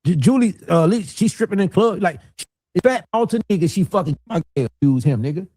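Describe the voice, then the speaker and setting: A man's voice: sits high, animated, brisk, a little mellow, no echo, studio quality. A man ranting in a played video clip, heated and insulting. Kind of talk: angry rant in a played clip.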